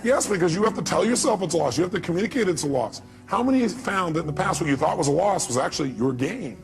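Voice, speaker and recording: A man giving a motivational speech to an audience, firing rhetorical questions and swinging from loud bursts to low, intimate asides. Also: expressive, quick pace. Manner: emphatic, rhetorical questions to the crowd. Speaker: motivational speaker. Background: music bed.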